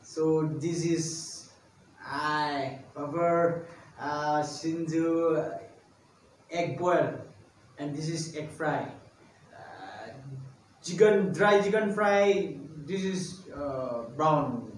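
High-voiced man in an echoey room. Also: slight background noise. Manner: halting, broken English with playful asides. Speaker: comedy vlogger. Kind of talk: comic mukbang parody. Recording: echoey room, far from the mic.

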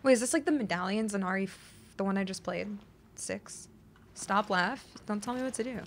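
A slight hiss or hum sits under a woman's mid-range voice as she talks a little fast. Streaming a game, she chats casually with viewers, laughs readily, swears, and answers chat even as she loses her voice.

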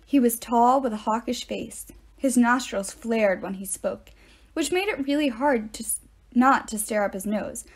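A woman reading a novel aloud in an expressive way, with deadpan asides. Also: on the high side, measured pace, breathy edge. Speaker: narrator. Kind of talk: audiobook-style reading aloud.

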